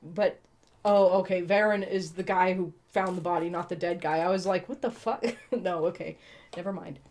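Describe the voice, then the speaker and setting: A woman's voice: fairly low pitch, little pitch movement, normal speed, a little mellow. Give me a woman reading a novel aloud with foul-mouthed jokes. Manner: profane, laughing, rambling asides. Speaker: book podcast co-host reading aloud. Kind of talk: comedic read-along chat.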